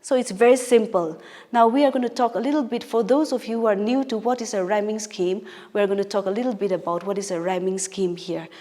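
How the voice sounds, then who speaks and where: Teaching English poetry in a recorded classroom lesson, a woman talks quickly in a mellow, medium-pitched voice. She explains things patiently step by step, using fillers and fixing small slips as she goes, and long hall reverb surrounds her.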